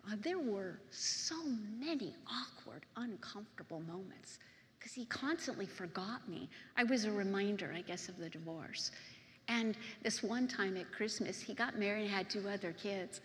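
A middle-aged woman, a pastor's wife, giving a personal testimony sermon, moving between hushed confession and loud, excited storytelling. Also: mid-range voice, normal speed. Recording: long hall reverb.

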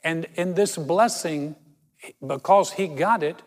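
A man delivers a sermon as a pastor, his voice sitting slightly high for a man. He talks through his story conversationally, slowing deliberately on key words. The recording has a long reverb from the church space. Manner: storytelling, conversational with dramatic slow emphasis.

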